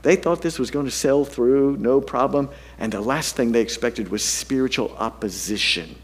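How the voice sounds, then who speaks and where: During a sermon, a pastor tells a story at normal speed in a medium-pitched voice. His delivery is lively and self-deprecating, alternating between loud passages and hushed ones.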